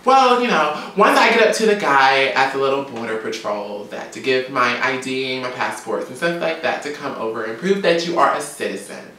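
A woman from Georgia, telling a story in a sassy, animated, profane vlog rant. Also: extremely low pitch, moderate pace, few pauses, recorded from a distance. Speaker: vlogger. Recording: very echoey room, away from mic.

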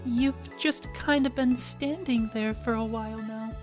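A man voicing a cheerful, eager teenage schoolgirl in a high, sweet, girlish voice while reading a visual novel aloud. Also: steady tone, unhurried, soft background music. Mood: concerned. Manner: bright high put-on girlish voice, breathless and sweet.

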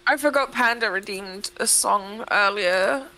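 A woman's voice: mid-range voice, measured pace, sharp tone, low-quality recording. A woman co-streaming, chatting casually, thanking followers and laughing often. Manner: giggly, frequent laughter.

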